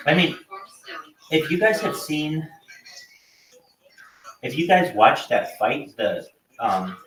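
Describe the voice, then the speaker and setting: A man's voice: on the high side, far from the mic. Profane man rambling off-mic in an echoey room. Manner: loose and profane, lots of fillers. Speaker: livestream host. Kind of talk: casual rambling chat. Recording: echoey room, from off-mic, faint background noise.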